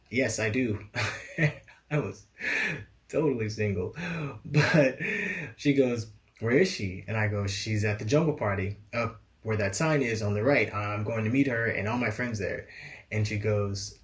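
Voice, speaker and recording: A young man telling a travel story in an animated storytime style, laughing now and then and acting out the dialogue. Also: on the low side. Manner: animated, laughs often, acts out quoted dialogue. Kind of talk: storytime vlog.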